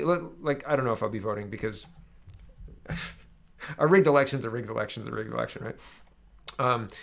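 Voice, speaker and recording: A Canadian man hosts a casual political commentary show, his voice gravelly with a rough edge. He reads headlines aloud, then picks them apart in a sarcastic, rambling way. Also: mid-range voice, a bit bright.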